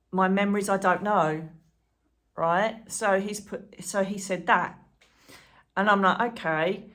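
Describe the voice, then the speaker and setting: A woman chatting to camera as a channel host, excitable and rambling, full of asides and fillers. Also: mid-range voice. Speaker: psychic medium and channel host. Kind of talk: casual chat to camera.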